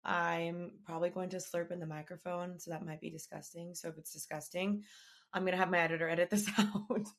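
A woman in her twenties hosting a podcast, chatting casually and telling stories in an animated way. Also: lowish voice, fairly quick, vocal fry. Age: 20s. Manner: chatty, animated storyteller, laughs often. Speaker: podcast host.

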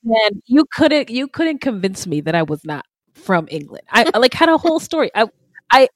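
A woman's voice: fairly high pitch, sing-song, moderate pace, no echo. A woman co-hosting a true crime podcast, chatty and laughing, with stammering restarts. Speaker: podcast co-host. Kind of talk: casual true crime chat.

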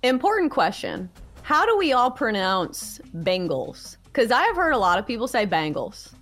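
A woman's voice: a little high, big pitch swings, moderate pace, a bit bright, soft background music. A woman with a Southern US accent co-hosting a sports show, chatting casually and with a self-deprecating touch.

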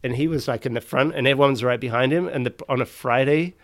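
A man's voice: medium pitch, quick pace. A man, a podcast guest telling a long story in a loose, rambling way, swearing and padding with "like.". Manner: rambling, swearing, many "like" fillers. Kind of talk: casual storytelling.

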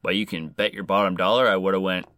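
A man's voice: deep voice, steady tone, quick pace, fairly bright tone, clear, resonant tone, no echo, studio quality. A man hosting a podcast, reading a scripted story with crude, sarcastic jokes. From Canada. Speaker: podcast host.

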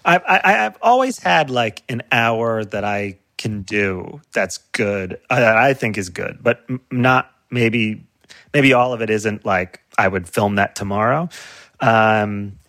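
Animated man, dry close sound. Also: lowish voice, measured pace, no room sound. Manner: animated, laughs often, self-interrupting. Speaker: comedian guest. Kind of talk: casual chat.

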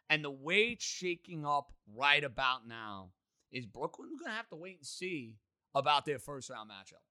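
A man hosting a sports talk show, chatting casually and emphatically about games and guests. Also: medium pitch. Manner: emphatic, energetic.

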